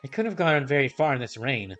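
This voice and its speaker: A man reading game dialogue aloud, voicing a gentle, chatty older woman shopkeeper in a soft, higher put-on voice. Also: very animated, brisk, faint music behind. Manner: gentle and polite.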